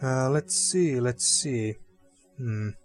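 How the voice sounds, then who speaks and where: A man's voice: mid-range voice, takes it slowly, darkish tone, soft background music. Man thinking aloud while gaming. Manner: thinking aloud, hesitant, with fillers. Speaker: let's play host. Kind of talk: casual gameplay commentary.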